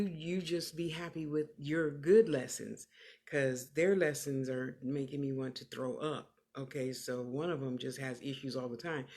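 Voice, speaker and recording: This low-pitched woman is a clairvoyant medium doing relaxed readings on a livestream. She's lively, emphatic, sassy and maternal, and she repeats phrases to drive points home.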